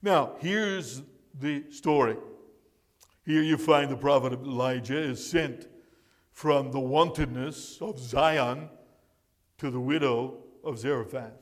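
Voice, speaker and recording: A man's voice: medium pitch, takes it slowly. A man preaching a sermon as pastor, stressing and repeating key words for emphasis. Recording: long reverb of a large hall.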